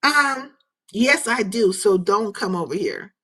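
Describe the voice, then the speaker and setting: A woman's voice: medium pitch, animated, slow pace, pushed and bright, slightly rough. A woman hosting her own livestream, talking loosely and with lots of swearing as she rambles, reacts to comments and greets viewers. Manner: loose, profane, rambling chat with chat readers. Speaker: livestream host. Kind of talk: casual livestream chat.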